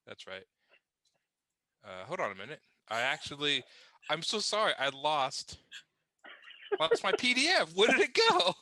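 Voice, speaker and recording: A man hosting a casual group chat, animated and laughing often as he hands out voices. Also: fairly high pitch, unhurried, pauses often, dry recording.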